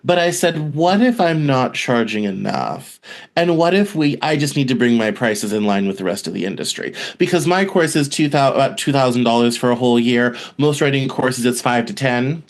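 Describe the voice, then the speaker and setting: A man's voice: mid-range voice, expressive, normal speed. A man hosting a podcast, talking casually with frequent restarts and hesitations. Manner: hesitant, many restarts and fillers. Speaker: podcast host.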